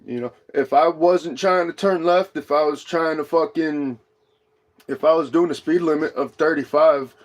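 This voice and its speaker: Profane, high-strung man ranting. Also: normal speed. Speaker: livestream host. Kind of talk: casual livestream chat.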